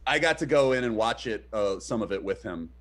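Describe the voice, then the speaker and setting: A man's voice: on the low side, brisk. Rambling guy cohosting a stream, lots of ums, voice swoops up and down. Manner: rambling, hesitant with many fillers, animated retellings. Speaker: podcast co-host. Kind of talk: casual streamed chat.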